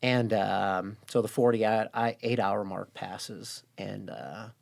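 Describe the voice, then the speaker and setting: A man with a low, gravelly voice tells a personal story as a podcast guest. He speaks earnestly and often drops to a hush. He livens up when he quotes other people. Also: slow. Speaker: podcast guest, gym owner.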